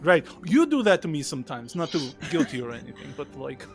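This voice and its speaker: Male player, casual, tripping over words; slightly high pitch. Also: very animated, a little fast, gravelly, over music. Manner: stumbling, lots of restarts and laughs. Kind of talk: casual chat at a tabletop game.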